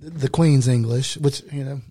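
A man's voice: medium pitch, mellow, husky. A man co-hosting a podcast, chatting casually in a playful, teasing way. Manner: playful, teasing, quick to laugh. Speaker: podcast co-host. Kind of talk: casual chat.

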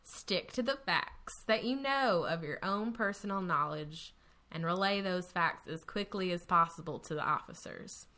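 A woman reading an old newspaper notice aloud in a Texan accent, slow and drawling. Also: lowish voice, sharp tone.

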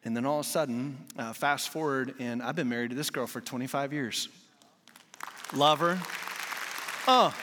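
A man in his forties preaching a sermon, telling personal stories with passion, moving from loud outbursts to hushed moments. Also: mid-range voice, normal speed, pauses often, long reverb tail, crowd noise, background noise. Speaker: guest preacher.

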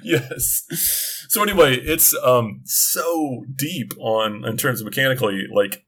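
A middle-aged man chatting casually on a podcast, telling a long story with many restarts and asides. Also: medium pitch. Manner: rambling, self-interrupting storyteller. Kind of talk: casual chat.

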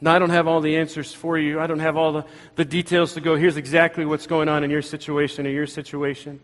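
A man's voice: fairly high pitch, flat delivery, quick pace, long reverb tail. A man preaching a sermon as pastor, earnest and conversational, speaking in a church sanctuary.

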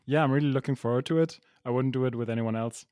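A man's voice: medium pitch, fast talker, a little mellow, no room sound, studio quality. A man co-hosting a podcast from his apartment, chatting casually and often poking fun at himself. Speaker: podcast co-host. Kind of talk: casual chat.

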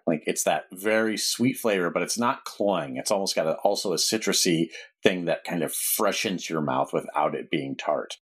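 Man, game master, tabletop game, easygoing, very low voice, husky. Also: moderate pace, hardly any pauses, fairly bright tone. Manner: easygoing, laughs often, casual narration with fillers.

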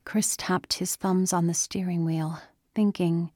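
A woman narrating a story in a steady storytelling manner. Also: lowish voice, measured pace, no room sound, studio quality. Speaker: audiobook narrator. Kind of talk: scripted narration.

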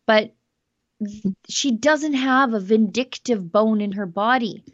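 A woman hosting a news commentary show, talking in an emphatic, animated way. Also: on the high side, slow, no echo, muffled recording. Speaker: host.

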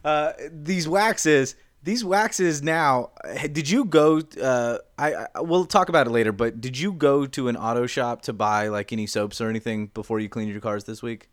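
A man's voice: medium pitch, normal speed, few pauses, no echo. A young man rambles through an explanation with plenty of "like" and "um." His voice sits in the middle range. The recording is dry and close, with no room sound. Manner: rambling explainer, many fillers. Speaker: podcast cohost. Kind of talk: casual chat.

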